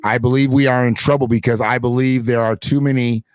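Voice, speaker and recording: A man's voice: medium pitch, flat delivery, brisk, clean tone, no echo. A man hosting his own online show, talking in blunt, profane, emphatic casual commentary.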